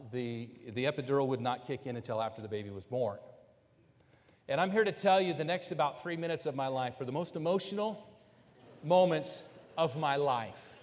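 A man telling a personal story about his family, animated, with lively quoted asides. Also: on the high side. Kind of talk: personal story told to an audience. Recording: long hall reverb.

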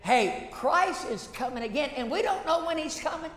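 Woman pastor, high voice, emphatic sermon, repeats lines, long hall echo. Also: expressive, normal speed, a bit bright. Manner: emphatic, repeats phrases, call-and-response questions. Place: church sanctuary. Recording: echoey church hall reverb.

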